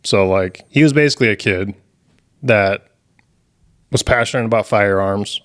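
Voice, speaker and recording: Co-host, young adult man, lowish voice, dry deadpan delivery, casual. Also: normal speed. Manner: deadpan jokes, summarizes. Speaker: podcast co-host. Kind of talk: casual chat.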